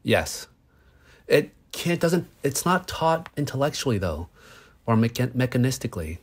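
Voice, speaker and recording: A man's voice: medium pitch, sing-song, moderate pace. A man in his thirties, a psychologist, explaining earnestly in a conversation with everyday examples. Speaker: psychologist guest.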